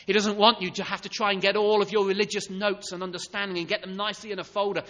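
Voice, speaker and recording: A man delivers a sermon in a church, his voice sitting high for a man and sounding bright and forceful. He swings between loud, pressing emphasis and quiet, close asides. A long hall reverb trails behind every phrase. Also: flat delivery, fast, few pauses. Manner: emphatic, rising and falling between loud urging and soft intimacy. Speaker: preacher.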